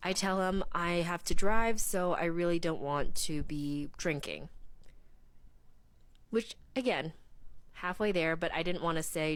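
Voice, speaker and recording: Low-voiced woman telling a driver story. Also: a little slow, clean tone, dry recording. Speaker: rideshare driver. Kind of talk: storytelling to camera.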